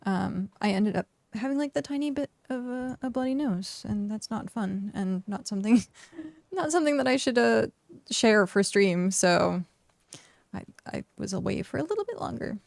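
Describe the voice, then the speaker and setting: A woman's voice: fairly high pitch, lively intonation, moderate pace, creaky, darkish tone, no echo. A woman casually chatting on a game live stream, reading chat questions aloud, with lots of fillers. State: hiccuping.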